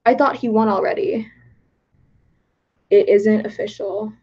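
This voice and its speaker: A young woman talks casually to her livestream viewers from home, bubbly and quick to giggle as she reads their comments aloud. Her voice sits at a middling pitch, and the stream audio is a little dull and muffled. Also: fairly even intonation, a little mellow, slightly rough. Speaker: livestream host. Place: home in Texas.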